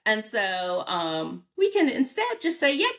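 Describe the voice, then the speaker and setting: An American woman, a dog trainer, answering interview questions in a casual, animated way, acting out reactions with big jumps in pitch and laughing often. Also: slow pace. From United States. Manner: frequent fillers and restarts, laughs often.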